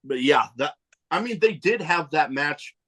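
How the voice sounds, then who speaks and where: Brief: man, casual podcast co-host, lively rising-falling delivery, slightly raised pitch, profane, a bit winded. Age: adult with nieces and nephew. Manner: animated, swearing, quick asides. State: a little winded. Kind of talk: casual chat.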